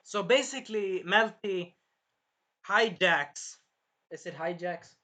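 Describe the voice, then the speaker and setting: A man recapping and reviewing an anime episode in a rambling, self-correcting way, with a sore throat that he keeps clearing, acting out the characters' lines. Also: high voice, extremely slow, pushed and bright. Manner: rambling, jumps around and corrects himself, acts out characters' lines.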